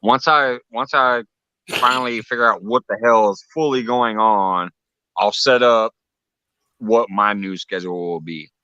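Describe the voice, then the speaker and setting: A man's voice: on the low side, measured pace, pushed and bright, clear, resonant tone, no echo, dull audio. A man hosting a casual livestream chat, laid-back and rambling, swearing casually. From Illinois. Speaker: livestream host.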